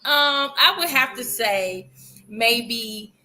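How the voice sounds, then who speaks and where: A woman's voice: fairly high pitch, lively intonation, drawn-out words, a loud crowd. A woman on a chat panel, laughing and starting sentences over. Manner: laughs while talking, hesitant starts. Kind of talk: casual group chat.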